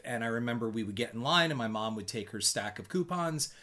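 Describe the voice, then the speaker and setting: A man in his fifties chatting with his spouse, a dry, teasing, unhurried storyteller. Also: mid-range voice, lively intonation, sharp tone.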